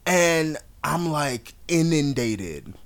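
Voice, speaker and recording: A man's voice: a little high, very animated, drawn-out words. A man co-hosting a podcast, telling a story dramatically and acting out the quotes in casual chat. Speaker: podcast co-host.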